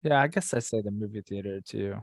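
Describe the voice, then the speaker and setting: A man with a Florida accent, a podcast host chatting in a joking, halting way. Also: on the low side, dry recording, studio quality. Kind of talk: casual podcast chat.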